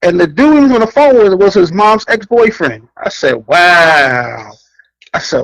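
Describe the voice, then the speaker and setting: Co-host type: high-pitched New man, animated and blunt, acts out quotes, dry close mic. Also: moderate pace, no echo, rough recording. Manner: blunt, profane, laughs often. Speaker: podcast co-host. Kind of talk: casual chat, storytelling.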